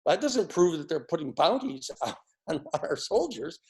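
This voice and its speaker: Speaking at a normal speed in a slightly high, sing-song voice with a darkish tone, an older man from the U.S. delivers a rambling political talk. He's sarcastic and casual, filling it with fillers and frequent restarts.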